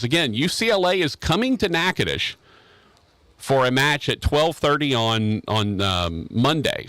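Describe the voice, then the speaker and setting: This sports radio host speaks from the studio in a smooth, slightly bright mid-range voice, captured as a dry recording. His casual show is full of rambling, jokes, restarts, and repetition.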